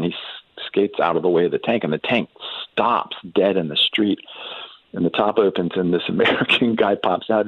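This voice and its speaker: A man telling a long family story as a guest in a conversation, talking haltingly with many restarts and fillers. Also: low voice, slightly rough, no echo. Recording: tinny phone-like sound.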